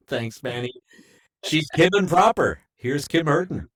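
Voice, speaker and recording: A man's voice: a little high, expressive, takes it slowly. A man hosting a voice-acting competition, upbeat and showy like an announcer. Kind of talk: live show hosting.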